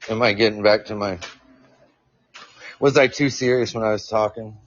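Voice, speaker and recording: A man's voice: lowish voice, steady tone, normal speed, lo-fi sound. A man hosting a live podcast, explaining science casually, stumbling over words and joking with his chat. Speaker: podcast host. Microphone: new earphones mic.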